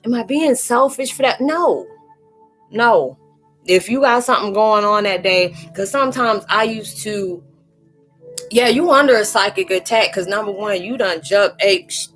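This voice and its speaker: A woman gives a casual tarot reading on a livestream, talking in loose, rambling runs. She often slips into quoted voices as she talks, with her pitch sitting in a middle range. Soft music plays faintly beneath her. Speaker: spiritual tarot reader hosting a live chat.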